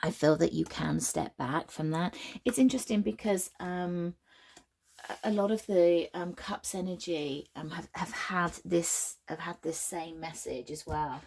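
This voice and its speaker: A woman from the UK giving a spoken tarot reading, with a slightly croaky voice and a soft, halting manner full of ums and restarts. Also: lowish voice. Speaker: tarot reader.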